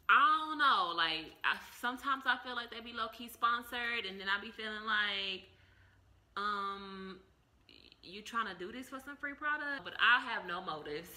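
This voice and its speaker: A woman's voice: mid-range voice, bright, forceful tone. A woman in her thirties talking casually to the camera as a vlogger, playful and over the top. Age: 30s. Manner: playful, over-the-top, self-described extra.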